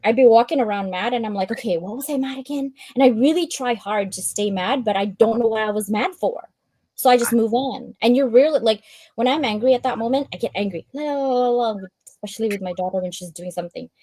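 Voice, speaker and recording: Lively laughing woman, dry sound. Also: a little high, quick pace, no room sound. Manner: animated, laughs often, acts out her own thoughts. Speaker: live stream host. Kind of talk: live stream chat reading a checklist.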